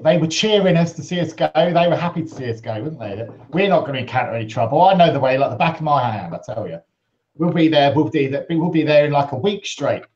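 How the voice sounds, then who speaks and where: A man voicing a greedy, coarse cart driver, gruff and mocking, on a dull lo-fi recording. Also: medium pitch, darkish tone, lightly acted.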